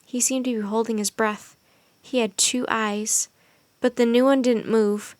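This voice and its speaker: Reading a storybook aloud, a woman keeps her voice steady and expressive at a measured pace. She speaks a little high, and the close, dry recording carries no room sound at all.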